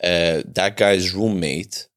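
A young man with a very low, deep voice tells a personal story in casual podcast chat. He rambles, leans on "like" between phrases and swears freely. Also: slow, a bit bright. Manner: rambling, heavy on "like" fillers and swearing. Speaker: podcast co-host.

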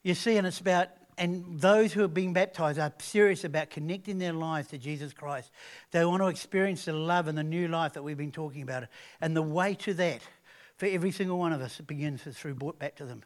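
A man preaching with a fairly high voice. He talks earnestly and conversationally, restarting phrases and swelling louder on key points. It sounds like a pastor addressing his congregation. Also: a little fast. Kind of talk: sermon.

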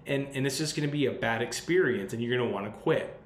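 A man hosts a podcast, handing out advice in a loose, blunt, swear-heavy way. His voice sits at a middling pitch. The room around him rings a little, with a faint hiss in the background. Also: fast. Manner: blunt and profane, loose and conversational. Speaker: podcast host. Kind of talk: casual advice monologue. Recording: roomy sound with faint background noise.

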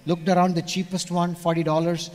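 Male preacher, slightly high voice, storytelling sermon with hushed asides. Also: brisk. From India. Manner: storytelling, animated shifts between loud and hushed.

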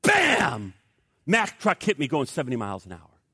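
A man's voice: mid-range voice, huge pitch swings, pushed and bright, husky, no echo, studio quality, full character voice. A man voicing a late, out-of-breath friend rattling off a tall excuse. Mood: excusing. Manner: rushed, rambling excuses.

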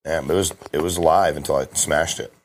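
A man's voice: a bass voice, fairly even intonation, slight background noise. A middle-aged man talking casually on a podcast as a guest, telling stories with emphasis and lots of restarts. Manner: fast, emphatic storytelling with frequent restarts. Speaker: guest, insurance sales agent.

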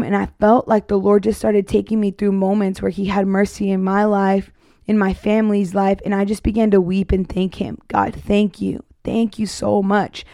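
A woman's voice: medium pitch, warm tone, no room sound, clean studio sound. Earnest young woman sharing her faith. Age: 20s. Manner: earnest, heartfelt, rambling with many fillers. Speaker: podcast host. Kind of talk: casual faith testimony.

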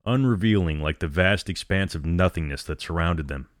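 Man narrating a story, measured, grave, deep voice, dry close sound. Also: no echo. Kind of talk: dramatic story reading.

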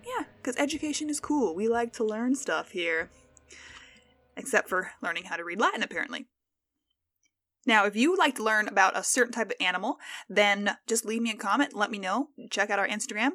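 Stumbling over words and poking fun at herself, a young woman from the US hosts a casual, playful solo podcast. Her voice is a little high and a bit bright.

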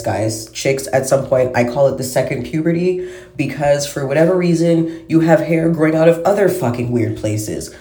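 A woman's voice: deep voice, mellow. A woman vlogger in a casual monologue, ranting with heavy swearing and exasperation. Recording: roomy echo.

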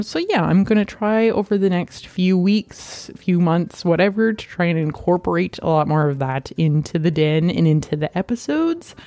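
Excitable, sweary woman podcast host. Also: medium pitch, no room sound. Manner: excitable, swears freely, scattered. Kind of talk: casual chat.

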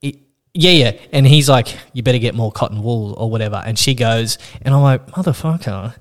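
Animated swearing man telling a story. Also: medium pitch, fairly quick. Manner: animated, swears freely, acts out quoted voices. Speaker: podcast host. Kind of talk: casual storytelling chat.

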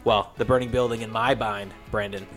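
A man's voice: lowish voice, steady tone, brisk, fairly bright tone, soft background music, lightly acted. A man playing a sleepless, frantic coach who lectures defensively about his writing.

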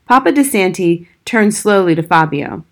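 A woman reading a children's novel aloud in measured, scripted narration. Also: medium pitch, animated. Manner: measured storytelling. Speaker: audiobook reader.

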